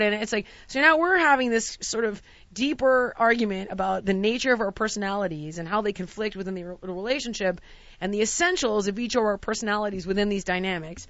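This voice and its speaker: A woman hosting a casual chat, and her voice is bright and forward, close and dry to the mic. She tells stories with lively swings, jumping up into shouty acted-out quotes, and the sound is slightly dull and lo-fi. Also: fast, dry recording. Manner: animated, acts out quotes with big pitch jumps and shouts. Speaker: podcast host.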